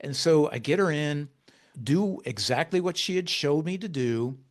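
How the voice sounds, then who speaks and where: A man, an author as podcast guest, telling a personal story in conversation, halting with frequent restarts and turning animated when he quotes himself. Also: on the high side.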